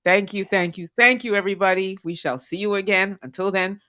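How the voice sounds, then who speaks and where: A woman's voice: mid-range voice, brisk, bright, forceful tone, dry recording. A woman hosting a live-stream talk show, upbeat and encouraging, repeating calls to share and keep going, speaking over a video call. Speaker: host.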